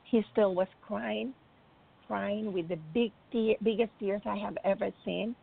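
Woman, middle pitch, gravelly; fervent storyteller recounting a faith encounter. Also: steady tone, measured pace. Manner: earnest, fervent, with frequent restarts and quoted dialogue. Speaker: Christian testimony speaker. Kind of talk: personal testimony storytelling. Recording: tinny phone-like recording.

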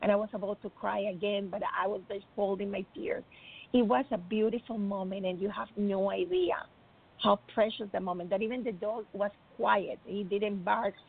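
A woman's voice: mid-range voice, normal speed, creaky, breathy edge. A woman fervently retelling a personal faith testimony, earnest and acting out the dialogue she recalls. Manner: earnest, fervent, with frequent restarts and quoted dialogue. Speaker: Christian testimony speaker. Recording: tinny phone-like recording.

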